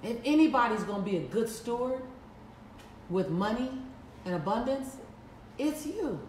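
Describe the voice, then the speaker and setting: A woman speaker delivers a live motivational talk in a fairly high voice, repeating her lines with preacherly emphasis. She sounds a little far from the mic, and the room gives her voice a clear echo. A faint hum sits behind her. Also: expressive, moderate pace, a little mellow. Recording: echoey room, mic at a distance.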